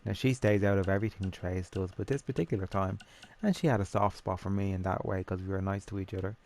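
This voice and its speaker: A man's voice: sits low, fairly even intonation, fast talker, a little mellow. A young Irish man telling a story in a rambling, chatty way with swearing, over a game. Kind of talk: casual storytelling over gameplay.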